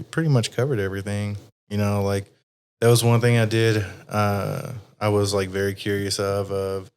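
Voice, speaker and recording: A man hosting an interview podcast, talking casually and rambling with plenty of swearing. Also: fairly low pitch. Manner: rambling, frequently swearing, many fillers. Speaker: podcast host. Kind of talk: casual conversational chat.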